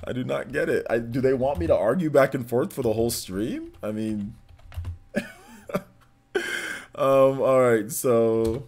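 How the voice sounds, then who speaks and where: A man hosting a casual livestream, talking straight to his viewers, reading their comments and laughing often. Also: medium pitch. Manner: chatty, laughs often, answers viewers directly. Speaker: livestream host reading chat. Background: faint game music.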